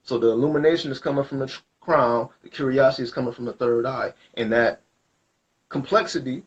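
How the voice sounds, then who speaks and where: A man's voice: medium pitch, brisk. A man giving a spiritual reading in a casual, slangy way, talking loosely and rambling through his explanations. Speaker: spiritual reader. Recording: dull lo-fi recording.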